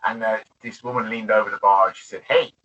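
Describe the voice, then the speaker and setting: Husky, bright man heard from a distance. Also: on the low side, little pitch movement, fast talker. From United Kingdom. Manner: chatty, laughs often, many restarts. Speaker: interview guest, former bartender. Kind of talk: casual interview. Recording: distant, dull lo-fi audio.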